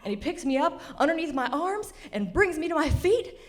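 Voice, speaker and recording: A woman's voice: high voice, big pitch swings, moderate pace, noisy background. A woman telling a true story on stage before a live audience, wry and confiding. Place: stage of a cultural center.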